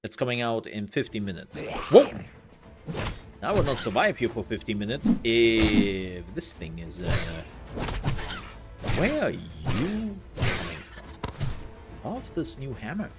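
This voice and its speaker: A man's voice: lowish voice, very animated, moderate pace, hardly any pauses, loud music behind the voice. A man giving casual let's-play commentary, thinking aloud as he plays and trailing off into fillers. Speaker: gaming content creator.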